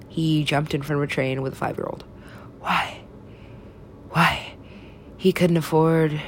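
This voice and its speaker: A woman's voice: low voice, a little hiss or hum. A woman talking in a rambling, profane, stream-of-consciousness way, in a casual monologue.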